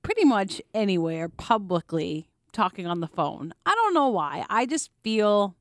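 A woman's voice: mid-range voice, a little slow, dry recording, studio quality. A young adult woman co-hosting a casual chat, telling a story with lots of laughter and acted-out quotes. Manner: animated storyteller, laughs often, acts out quotes. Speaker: podcast co-host.

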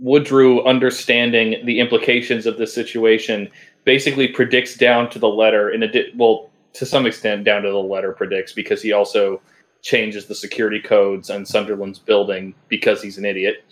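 A man's voice: on the low side, level tone, fairly quick. A man in a casual comic book chat, working through the plot analytically and restarting his sentences.

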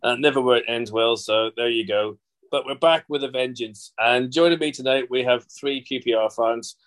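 A man's voice: medium pitch, normal speed, a bit bright. A man hosting a casual football podcast, jokey and chatty. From England. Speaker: podcast host.

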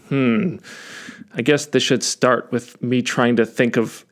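Slow, sarcastic male podcast host. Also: mid-range voice, steady tone. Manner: sarcastic, wry, with self-interrupting restarts. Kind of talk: solo podcast monologue.

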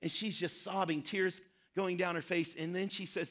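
Guy pastor giving a sermon, bright forceful voice, earnest storyteller. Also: sits high, steady tone, moderate pace, few pauses. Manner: earnest storytelling with repeated phrases.

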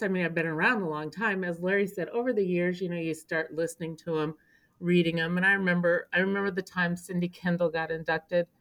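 A woman in her sixties who spent decades in local government, telling a story as a podcast guest, acting out quotes and growing emotional. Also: lowish voice. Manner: animated storyteller, acts out quotes, turns emotional. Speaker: interview guest, longtime local government official. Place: indoor podcast recording.

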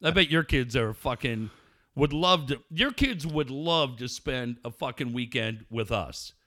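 A man's voice: medium pitch, expressive, measured pace, pushed and bright. A middle-aged man co-hosting a podcast in crude casual chat, profane and mocking, laughing often. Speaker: podcast co-host.

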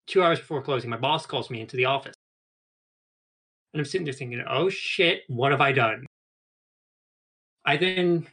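A man as a podcast guest, telling rambling anecdotes in a relaxed, casual way. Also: mid-range voice. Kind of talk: casual storytelling.

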